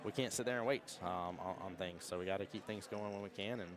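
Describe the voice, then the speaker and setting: An American man with a deep voice talks fast, giving chatty, rambling live-stream commentary at a pool tournament, with crowd noise in the background.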